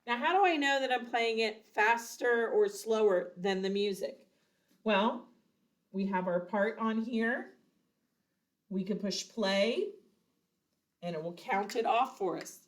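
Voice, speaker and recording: A woman's voice: mid-range voice, slow pace, long pauses. A woman teaching a beginners' recorder lesson, explaining each step patiently and counting out rhythms. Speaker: music teacher.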